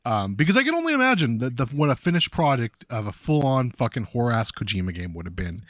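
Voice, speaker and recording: A man chatting on a podcast, his pitch swinging a lot as he tells a story and curses for emphasis. His voice sounds close and dry, with almost no room behind it. He talks in a loose, casual way. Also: fast, no echo. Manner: profane, animated storytelling. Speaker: podcast co-host. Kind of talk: casual chat.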